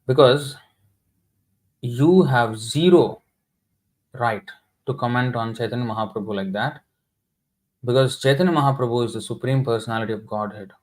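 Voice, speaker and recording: A man's voice: mid-range voice, moderate pace, pauses often, a little mellow, rough recording. A man giving a sermon in an indignant, scolding, emphatic manner. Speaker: scripture class speaker.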